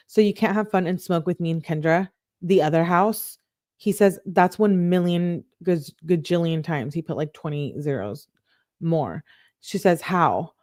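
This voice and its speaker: Low-voiced woman reading texts aloud. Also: a little mellow, no room sound, clean studio sound. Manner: exasperated asides between read-out messages. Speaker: true-crime commentator. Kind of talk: reading text messages aloud with commentary.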